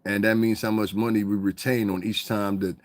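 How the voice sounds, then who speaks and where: Low-voiced, dry-sounding male podcaster. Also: fairly quick, no echo. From United States. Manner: animated, swearing, mimics voices. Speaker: podcast host. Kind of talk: casual monologue.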